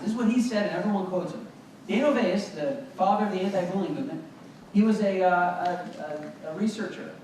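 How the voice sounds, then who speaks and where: A man gives an animated, lively school assembly talk, getting the children to call words back to him. He is heard from far off in a very echoey hall. Steady background noise runs under his voice. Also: high voice. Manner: energetic, call-and-response with children. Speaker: motivational speaker. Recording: echoey hall recorded from afar, noisy. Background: children in audience.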